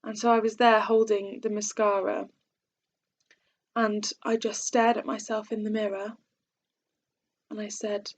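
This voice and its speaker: A young woman telling an earnest, halting personal faith story, full of fillers and restarts, on a dull lo-fi recording. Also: medium pitch, level tone. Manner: earnest, hesitant with many fillers. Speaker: vlogger. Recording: dull lo-fi sound.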